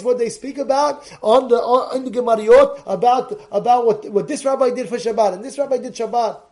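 Very high-pitched excitable man teaching. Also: a little fast, few pauses. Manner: excitable, often breaks into shouting; repeats and restarts phrases. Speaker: Torah teacher. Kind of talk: animated Torah lesson.

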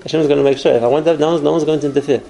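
A man's voice: fairly high pitch, fairly even intonation, racing, vocal fry, warm tone, slight background noise, low-quality recording. A man giving an earnest spoken Torah class, explaining step by step with numbered points. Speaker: Torah teacher.

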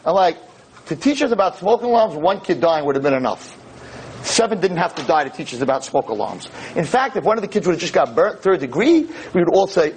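A man's voice: a little high, expressive, quick pace, slight background noise, poor audio. A man, a rabbi and teacher, giving an impassioned lecture, emphatic and sprinkled with Hebrew and Yiddish terms. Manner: emphatic, impassioned, rising to near-shouts. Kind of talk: animated Torah lecture.

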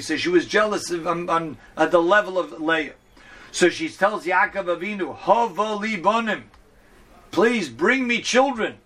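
A man giving a Talmud lesson, quoting Hebrew and Aramaic texts and explaining them in an animated way. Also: high voice. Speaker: Torah teacher. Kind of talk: Talmud class teaching.

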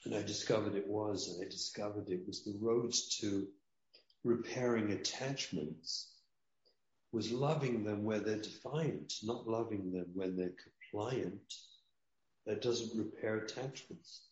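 Male rabbi guest, low voice, earnest preaching tone, echoey lo-fi recording. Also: unhurried, darkish tone. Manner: earnest, preaching, repeats key lines. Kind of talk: emotional interview talk. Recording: dull roomy sound.

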